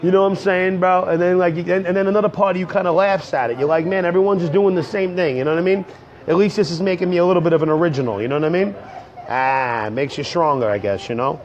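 A man's voice: fairly high pitch, fast, highs cut off. A man in his thirties getting over a cold, chatting loosely and jokingly to viewers on a livestream, calling everyone "bro" and slipping into rap. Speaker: livestream host and rapper. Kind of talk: casual livestream chat to viewers.

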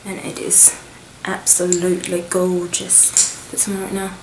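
A woman's voice: fairly low pitch, monotone, unhurried, roomy sound, slight background noise, low-quality recording. A woman beauty vlogger giving a gushing, chatty product review, sometimes dropping into a whisper.

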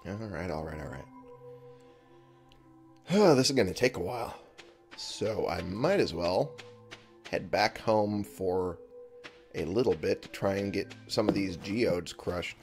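Sleepy low-voiced man narrating gameplay. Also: lively intonation, a little slow, pauses often, faint music behind. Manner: chatty, thinks aloud, chuckles often. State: sleepy, yawning. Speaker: let's play gamer. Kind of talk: casual gameplay commentary.

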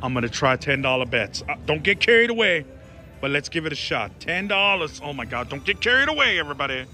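A man giving excited running commentary on a slot machine as he plays, talking to his viewers and pleading with the machine, on a casino floor. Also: medium pitch. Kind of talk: casual live commentary while gambling. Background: casino music.

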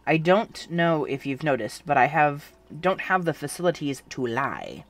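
Donnie, a smug deadpan young man, read aloud by a narrator. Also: fairly high pitch, normal speed. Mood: teasing. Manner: teasing, dry. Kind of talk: fan fiction audiobook reading.

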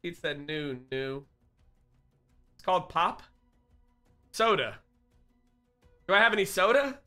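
Bright, high-voiced playful male streamer. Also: very animated, normal speed, soft background music. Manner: playful joking banter, laughs often. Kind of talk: casual live-stream chat with viewers.

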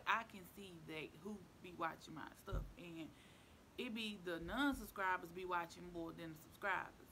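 Chatty woman vlogger with a gravelly edge. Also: medium pitch, pushed and bright, a little hiss or hum. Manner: chatty, repeats herself, playful slang. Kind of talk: casual chat to camera.

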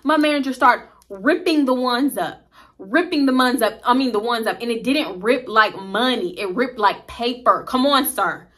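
A young woman in her twenties telling a casual, profane work story in an animated, chatty way. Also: on the high side, normal speed, faint music behind.

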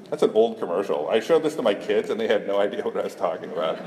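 A man's voice: fairly low pitch, expressive, fast, few pauses, darkish tone. A middle-aged man from Iowa, a cartoonist giving a self-deprecating conference talk, joking with the audience. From Iowa, USA. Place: conference hall. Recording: echoey hall, faint room noise.

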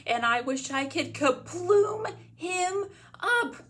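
A woman voicing a fed-up little girl who yells her complaints, close to tears. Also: extremely high pitch, lively intonation, slow, pitched above the performer's own voice, full character voice. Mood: angry, tearful. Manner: shouting, near tears.

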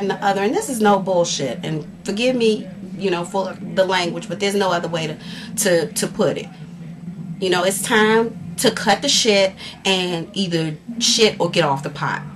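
A woman's voice: medium pitch, background noise. Exasperated woman ranting to her webcam. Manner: animated, exasperated, candid with fillers and self-interruptions. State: sore and frustrated after a workout. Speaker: vlogger. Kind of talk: casual vlog rant to camera. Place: at home, indoors.

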